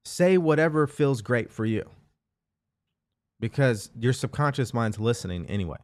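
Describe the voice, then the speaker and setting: A man's voice: mid-range voice, expressive, normal speed, dry recording. A man hosting a motivational live show, talking earnestly and repeating phrases as he coaches listeners. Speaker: host.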